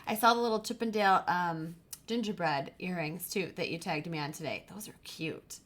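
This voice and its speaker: A woman's voice: on the low side, moderate pace, fairly bright tone, slight background noise. Gushing woman hosting a crafting livestream. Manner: gushing, drops to whispers over cute items. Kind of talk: casual live chat, unboxing happy mail.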